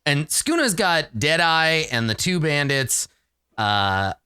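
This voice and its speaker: A man narrating as game master of a tabletop game, in a loose, quick manner with fillers. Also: on the high side, very animated, sharp tone, clear, resonant tone, no echo, clean studio sound.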